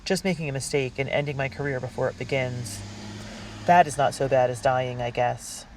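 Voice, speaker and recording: A reader narrating a diary storybook in a girl's first-person voice, earnest and unhurried. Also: medium pitch, poor audio. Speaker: audiobook reader.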